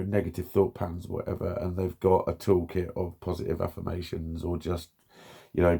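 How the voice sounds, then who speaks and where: A man's voice: low voice, gravelly, dark tone, breathy edge. A man talking bluntly and frustrated in a candid vlog monologue, swearing often and repeating himself. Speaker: vlogger.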